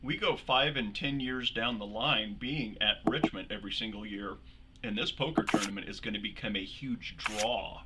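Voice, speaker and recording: A man's voice: lowish voice, moderate pace. A man co-hosting an online poker stream, talking casually and laughing often. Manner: relaxed, chatty, laughs often. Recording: noisy stream audio.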